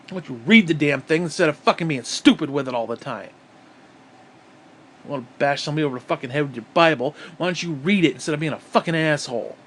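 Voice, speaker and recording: A man's voice: a little high, a bit bright. A man from upstate New York delivering an angry, profane, sarcastic political rant on his vlog. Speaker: vlogger.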